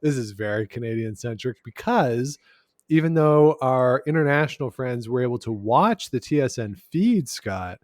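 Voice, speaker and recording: A talkative man co-hosts a casual podcast, joking along with easy filler "uh"s. His voice sits at an ordinary middle pitch. The sound is close and dry. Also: animated, normal speed, a little mellow, no room sound. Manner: chatty and jokey, with filler "uh"s. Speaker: podcast co-host. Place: lives in Canada's capital.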